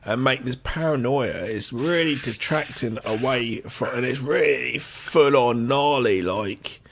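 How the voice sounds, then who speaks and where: A man chats casually on a film podcast. He makes rambling, jokey asides full of hesitations, and his voice is husky. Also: mid-range voice, measured pace. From United Kingdom. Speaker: podcast co-host. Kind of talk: casual film-review chat.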